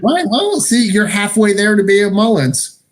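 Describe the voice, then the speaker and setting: A man chatting as a guest, telling stories in a lively, rambling way. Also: sits high, normal speed. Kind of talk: casual chat.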